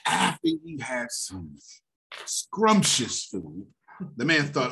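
A man hosting a motivational finance talk, animated and preacher-like, often laughing. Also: fairly high pitch, a little slow. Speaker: host.

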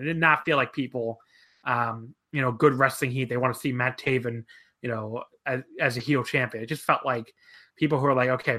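A man's voice: mid-range voice, sharp tone. A man in casual podcast chat, telling a profane story and laughing often as he talks. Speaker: wrestling podcast speaker.

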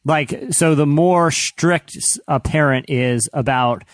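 A man's voice: a little high, no echo. Joking, stop-start male podcast host. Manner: joking, with many halting restarts. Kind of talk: casual studio podcast chat.

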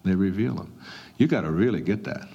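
A man's voice: sits low, expressive, brisk, gravelly, mellow, dull audio. A man giving a motivational talk in a conversational, emphatic way, chuckling between points. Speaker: motivational speaker.

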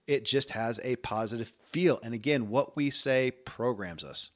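A man's voice: medium pitch, moderate pace, hardly any pauses, fairly bright tone. A man in his forties hosting a podcast, talking in an earnest, conversational way with frequent restarts. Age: 40s. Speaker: podcast host. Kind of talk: podcast monologue and interview.

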